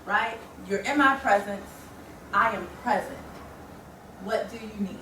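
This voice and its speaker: A woman's voice: medium pitch, unhurried, pushed and bright. A woman facilitating a workshop, engaging the group and checking in often as she talks. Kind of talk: interactive training talk. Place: training room. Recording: echoey room, distant mic, faint noise.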